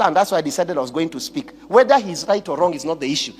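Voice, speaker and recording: A Kenyan man speaking in a high, lively voice that leaps up and drops low. He preaches his point through pointed rhetorical questions and breaks into Swahili phrases. His voice carries a long reverb, with faint music underneath. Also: fast, hardly any pauses, husky. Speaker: preacher and commentator. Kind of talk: impassioned spoken commentary.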